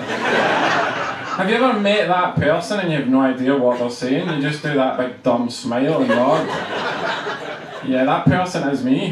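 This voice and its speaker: Glaswegian man doing stand-up. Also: a little high. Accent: Glaswegian Scottish. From Scotland. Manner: quick, punchy delivery with comic voices. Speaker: stand-up comedian. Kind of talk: stand-up routine. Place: comedy club stage. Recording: roomy club sound from far off, audience noise.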